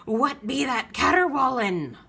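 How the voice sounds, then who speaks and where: A woman's voice: sits high, expressive, takes it slowly, gravelly, sharp tone, slightly rough, voice pushed up, heavily acted. A woman voicing a blustering male pirate captain in a storybook reading, hollering in pirate talk. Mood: gruff.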